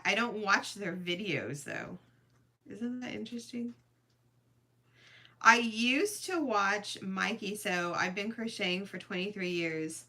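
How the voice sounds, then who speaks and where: A woman's voice: medium pitch, pushed and bright. A middle-aged woman hosting a crochet livestream, chatting casually and emotionally, thanking viewers by name. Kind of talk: casual live-stream chat.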